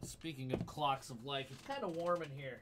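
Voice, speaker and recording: A man's voice: medium pitch, moderate pace, background noise. A man streaming a horror game live, swearing freely, startling easily and talking back to his chat. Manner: profane, jumpy, talks back to chat. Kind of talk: live gaming stream commentary. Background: game music.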